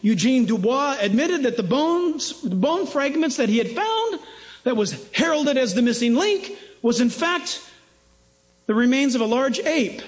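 A man's voice: very high-pitched, very animated, measured pace, rough recording. A man preaching a sermon as pastor, emphatic and mocking, with rhetorical questions.

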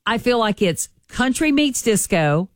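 A woman's voice: fairly high pitch, very animated, a little slow, no room sound, clean studio sound. A woman hosting a morning radio show, chatty and folksy. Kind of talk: morning radio entertainment chat.

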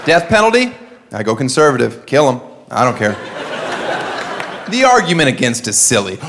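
A male stand-up comedian with a sarcastic, deadpan-then-loud delivery, performing live in a comedy club. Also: mid-range voice, moderate pace, pauses often, background noise. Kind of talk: stand-up routine. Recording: live club set with loud crowd laughter.

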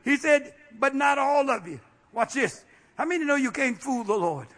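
A man preaching a sermon as a bishop, with fiery call-and-response delivery that breaks into shouts at its peaks. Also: very high voice, lively intonation, normal speed. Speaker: bishop and pastor.

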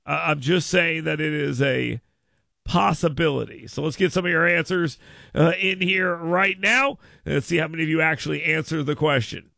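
A man hosting a sports stream with a gravelly, fry-heavy voice and a bright, forward edge. He talks off the cuff and keeps tripping over and repeating his words. The sound is close and dry. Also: fairly high pitch, normal speed, no echo. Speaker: sports show host. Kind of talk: casual live-stream commentary.

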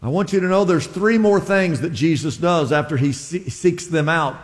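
A man's voice: on the high side, moderate pace. A man preaching a sermon to his congregation, telling a scripture story with stammered restarts and asides to the listeners. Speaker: pastor. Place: church sanctuary. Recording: long reverb of a large church hall.

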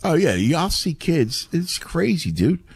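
A man's voice: fairly high pitch, sing-song, unhurried, slightly rough, no room sound, clean studio sound. A middle-aged man in casual chat who talks animatedly, stumbles over his words, and says "dude" a lot.

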